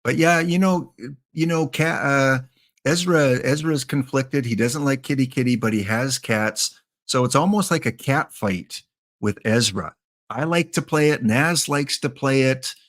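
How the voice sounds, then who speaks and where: A man livestreaming a game from home, talking in a relaxed, mid-range voice. He rambles, jokes and gives viewers shout-outs between picks. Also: medium pitch, a little slow. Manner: chatty, jokey, thanks viewers by name. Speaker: streamer. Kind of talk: casual live-stream chat while playing.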